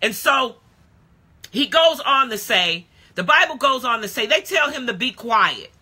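A woman preaching a live-streamed sermon in a casual, call-and-response way that swings from low talk to shouted praise. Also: expressive, measured pace, slightly rough. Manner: casual street-talk phrasing. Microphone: phone or webcam live stream.

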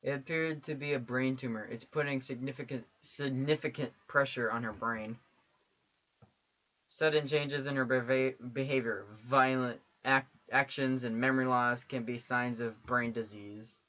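A calm doctor explains in a flat, measured way, as a man reads him out. His voice is bright. The recording has a dull, lo-fi sound. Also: medium pitch, natural voice. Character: calm male doctor giving bad news.

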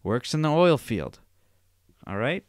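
A man's voice: mid-range voice, a little slow, no echo, clean studio sound. A young man hosting a solo podcast, ranting and telling stories in a rambling, profane way. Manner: profane, rambling, animated storytelling. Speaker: podcast host.

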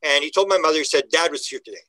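Older man, podcast guest, quick talker, somewhat high voice, restarts mid-sentence. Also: dry recording, poor audio. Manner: animated storyteller, acts out quoted dialogue, frequent restarts. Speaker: guest UFO researcher. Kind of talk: conversational podcast interview.

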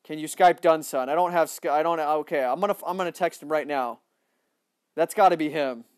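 A young man giving excitable live commentary on a shooter game, often yelling at opponents. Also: on the high side, a little fast, dry recording, studio quality. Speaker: livestreaming gamer.

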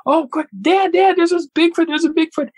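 A man voicing an excited little boy who squeaks out breathless exclamations. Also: brisk.

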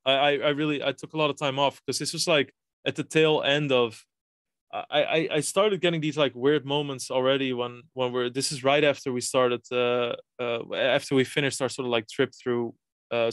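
A man's voice: medium pitch, fairly even intonation, normal speed, fairly bright tone, clean tone, no echo. Casting: thirties guy, podcast guest, rambly storyteller, cursing, very dry close sound. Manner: rambling, frequent restarts and swearing. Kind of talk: casual storytelling.

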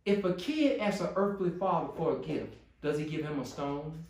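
A man's voice: fairly high pitch, normal speed, distant mic, very noisy. A man preaching a sermon as pastor to his congregation, building to pleading intensity. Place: church sanctuary. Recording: echoey church room.

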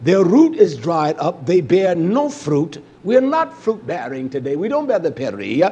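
A male preacher with a high-pitched voice delivers a fiery sermon. He drops to near-whispers, then climbs into loud, shouting bursts. It is a raw, emphatic pulpit style. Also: wildly swooping pitch, moderate pace, breathy edge. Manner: impassioned preaching that swings from hushed to shouted.

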